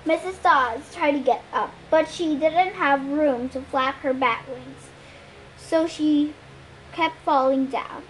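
Woman reader for a fan audiobook chapter; high voice, lively delivery, faint hiss behind. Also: takes it slowly, rough recording. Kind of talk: reading a novel aloud.

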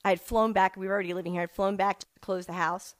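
A middle-aged woman telling her personal faith testimony in an emotional, animated way, acting out the people she quotes. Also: medium pitch, fast. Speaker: speaker sharing a personal testimony.

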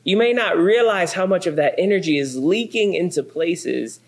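Male pastor, 30s, slightly high voice, animated sermon storyteller. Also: moderate pace. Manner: animated storytelling, acts out quotes. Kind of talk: sermon with humorous family stories.

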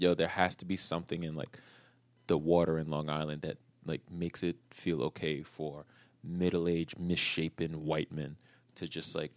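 A man from New York hosting a podcast, telling animated, profane stories in casual banter. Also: low voice, dry recording. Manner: animated, profane storytelling with shifting energy. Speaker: podcast host.

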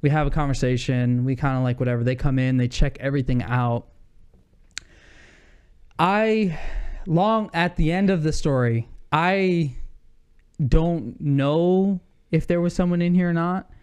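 A young man telling a heated story in casual chat on a podcast, animated and saying "dude" a lot. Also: a little high, unhurried, clean tone.

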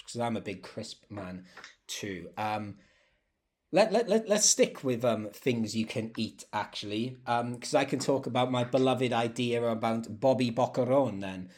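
A man's voice: medium pitch, moderate pace, darkish tone. A man hosting a football fan podcast, chatty and jokey with fillers. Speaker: podcast host. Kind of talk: casual podcast chat.

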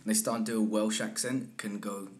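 A man, a coach explaining his craft in a relaxed interview, often answering with quick agreeing yeahs. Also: on the low side. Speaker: accent and dialect coach. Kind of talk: casual interview talk.

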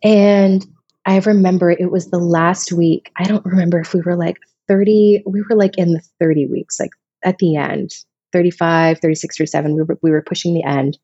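A woman's voice: lowish voice, steady tone, normal speed, mellow, breathy edge, no room sound, highs cut off. A woman in her thirties from Vermont, telling personal stories in a casual, emotional, rambling way as a podcast guest. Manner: emotional, rambling, many restarts.

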